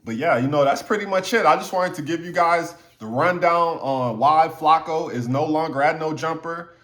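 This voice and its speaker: Casual YouTube commentator, male, slightly higher voice, chatty and hedging, talks straight to the audience. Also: normal speed, a bit bright. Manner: loose and conversational, many fillers, hedging opinions.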